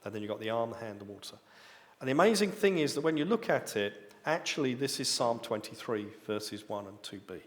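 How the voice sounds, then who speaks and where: Speaking quickly with lively intonation in a mid-range voice, a UK preacher walks listeners through his teaching one step at a time. Key words get a rising emphasis, echoing in the long reverb of a church hall.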